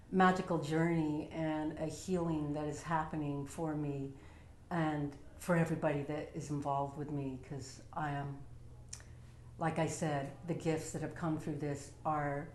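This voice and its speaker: Low-voiced woman rambling in a roomy home. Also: slight background noise. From Utah. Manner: rambling, heartfelt, with many fillers. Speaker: vlogger sharing a personal story. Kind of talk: casual personal monologue. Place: her home. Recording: roomy echo.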